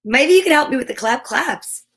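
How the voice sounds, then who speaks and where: A woman's voice: high voice, expressive, moderate pace, a bit bright, slightly rough. A woman reading a children's picture book aloud, with playful, chatty asides to her listeners. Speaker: children's story reader.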